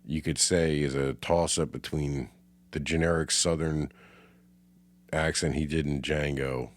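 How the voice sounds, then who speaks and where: A man's voice: a bass voice, steady tone, unhurried. A man co-hosting a casual movie chat, swearing freely and laughing often. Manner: profane, laid-back, laughs often. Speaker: podcast co-host.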